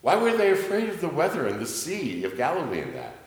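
A man preaching a sermon as pastor, joking with his congregation and swinging between booming emphasis and quiet asides. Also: huge pitch swings, a little fast. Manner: jokey with the congregation. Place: church sanctuary. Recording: roomy church reverb.

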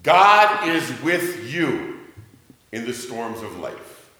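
Pastor, male, lively delivery with big swings from booming to hushed, church echo. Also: drawn-out words. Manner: dramatic swings between booming emphasis and quiet asides; jokey with the congregation. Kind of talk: sermon. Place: church sanctuary. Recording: roomy church reverb.

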